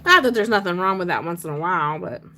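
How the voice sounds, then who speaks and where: A woman's voice: lowish voice, animated, quick pace, pushed and bright, slight background noise. A woman from Pennsylvania hosting a craft livestream, chatting casually and playfully with her viewers. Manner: chatty, whiny and playful, talks to chat and her dog. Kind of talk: casual live chat while crafting.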